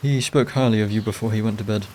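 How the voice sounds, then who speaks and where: A man voicing a nobleman's male servant in a game, speaking in a measured, courteous, formal way. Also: on the low side, fairly even intonation, darkish tone, a little hiss or hum, lightly acted.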